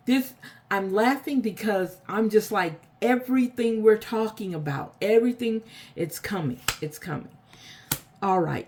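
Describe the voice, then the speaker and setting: A woman giving a spiritual oracle card reading to her viewers, repeating phrases in a soft, unhurried way. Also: mid-range voice, animated, slight background noise.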